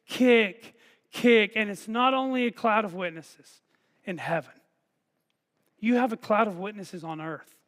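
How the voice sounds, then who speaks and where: A man preaching a sermon as pastor, earnest and urging, building to loud repeated chants. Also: high voice. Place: church sanctuary. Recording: long hall reverb from a church livestream.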